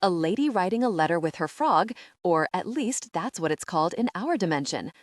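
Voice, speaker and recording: A woman's voice: fairly low pitch, expressive, a little fast, dry recording, clean studio sound, lightly acted. A woman voicing a shaken young man who sounds choked and pleading. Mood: startled. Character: shaken young man, art lover, near tears.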